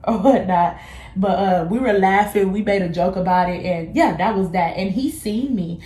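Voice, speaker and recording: A young woman vlogger tells a casual storytime in a candid, slangy way, slipping into the voices of the people she quotes. Her pitch sits right in the middle for a woman. She is recorded indoors, and the room gives her voice a clear echo. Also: moderate pace, a little mellow. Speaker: beauty vlogger.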